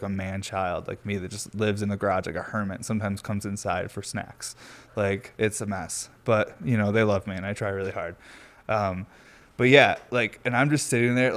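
A young man telling a rambling, laid-back story in casual chat, swearing freely and filling his talk with "like". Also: lowish voice. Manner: rambling, loose, laid-back, swears a lot, heavy use of "like". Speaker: vlogger. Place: at home near a garage, windy outside.

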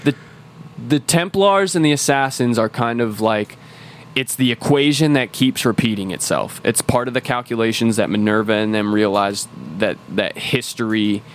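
A man's voice: mid-range voice, normal speed, slight background noise. A man co-hosting a podcast, casually explaining a game's story at length with lots of swearing and restarts. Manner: rambling, profane lore explainer. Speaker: podcast co-host. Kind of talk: casual chat.

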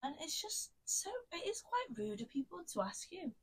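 A woman's voice: sits high, very animated, normal speed. A young woman co-hosting a podcast, chatting casually with lots of "like". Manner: chatty, lots of "like", bursts of loud laughter. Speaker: podcast co-host. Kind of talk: casual chat.

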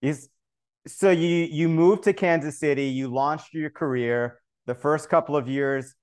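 A man hosting an interview, asking his guest measured questions. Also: a little high, a little mellow, clean tone. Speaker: podcast host.

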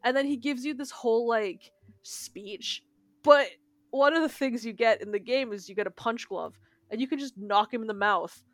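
A young woman cohosts a casual podcast, telling a story with lots of swearing and quick acted-out lines of dialogue. Her voice sits a little high, and the sound is dry and close, with no room echo. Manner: animated storytelling, swears a lot, acts out dialogue. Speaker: podcast co-host. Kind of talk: casual chat.

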